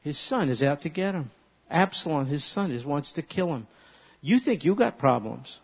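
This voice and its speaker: Animated pastor in an echoing hall. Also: male voice, on the high side, normal speed, gravelly. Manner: animated, leads congregation in call-and-response recitation. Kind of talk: sermon. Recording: long reverb of a large hall.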